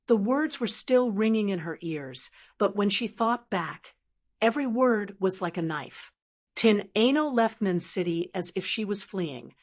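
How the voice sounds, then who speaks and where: An audiobook narrator with a middle-pitched voice reads a long fantasy novel aloud from a script. Her steady, measured delivery suits listening chapter after chapter.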